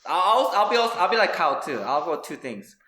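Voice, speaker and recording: A young man in his twenties co-hosts a podcast, chatting casually in a rambling way full of fillers and restarts, laughing easily. His high voice swings widely in pitch and is bright and forceful at a fairly quick pace. The room sounds echoey.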